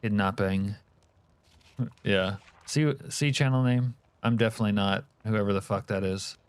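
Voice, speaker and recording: A man's voice: lowish voice, fairly even intonation, normal speed, smooth, dry recording. A man hosting a livestream, chatting casually and joking with his viewers in a profane banter while reading chat. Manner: reads and answers live chat. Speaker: livestream host.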